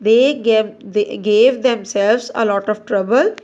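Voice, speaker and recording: A woman teacher reading out grammar exercises and labelling each answer, slow and deliberate, correcting herself as she goes. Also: mid-range voice, dark tone, dull audio. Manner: slow and deliberate, with frequent restarts and self-corrections. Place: Pakistan.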